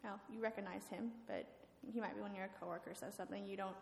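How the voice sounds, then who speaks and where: A woman's voice: medium pitch, fairly even intonation, quick pace, gravelly, a little hiss or hum. A woman telling a story as a sermon in a church, talking casually with filler words. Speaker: guest speaker. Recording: echoey hall with faint ambience.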